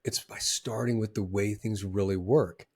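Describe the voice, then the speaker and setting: A man, a former trader, giving advice in a casual, animated way, with emphatic bursts and frequent fillers. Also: on the low side, moderate pace. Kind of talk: casual motivational talk.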